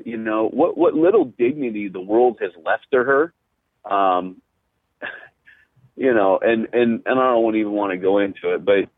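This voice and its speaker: A middle-aged man, a pastor and podcast host, telling stories in casual chat, animated and full of "you know" and restarts. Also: mid-range voice, husky, dry recording. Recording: tinny phone-like line, dry.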